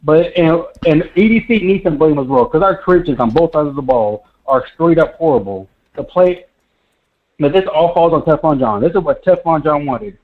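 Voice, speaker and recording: A young man calling in to a sports show, ranting, stuttering in his anger and breaking into near-shouts. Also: normal speed. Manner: frantic, stuttering, pitch leaping into shouts. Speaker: caller. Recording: dull lo-fi call audio.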